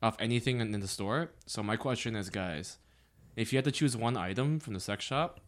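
A young man hosting a casual podcast chat, excitable and quick with jokes. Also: lowish voice. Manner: excitable, quick jokey interjections. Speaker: podcast host.

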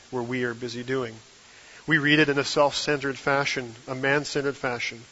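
A man preaching a measured, emphatic sermon. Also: mid-range voice, bright, forceful tone, muffled recording, a little hiss or hum. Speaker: guest preacher.

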